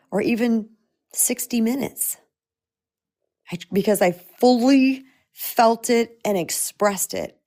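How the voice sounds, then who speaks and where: A woman's voice: mid-range voice, darkish tone. A middle-aged woman, a spiritual empowerment coach, speaking in a heartfelt, personal way to viewers of a live-streamed talk, with frequent restarts.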